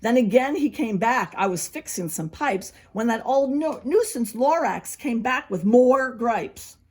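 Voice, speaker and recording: A preschool teacher reading a picture book aloud to young children, expressive and stopping to explain. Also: female voice, a little high, a little slow, slightly rough.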